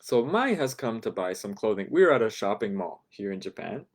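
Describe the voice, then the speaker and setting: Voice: mid-range voice, sing-song, fairly quick. A language teacher explaining a lesson in a chatty way, with ums and laughing asides.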